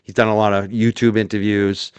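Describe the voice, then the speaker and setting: A man's voice: lowish voice, flat delivery, brisk, smooth, no room sound. Sardonic man chatting on a stream. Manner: sardonic, laughing, knowledgeable. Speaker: co-host. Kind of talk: casual streaming chat. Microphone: streaming mic.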